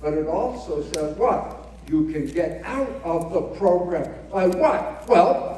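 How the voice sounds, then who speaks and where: A man giving a live lecture, animated, asking rhetorical questions and acting out quoted voices. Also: high voice, measured pace, a little hiss or hum. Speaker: speaker. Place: large hall before an audience. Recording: echoey hall, mic at a distance.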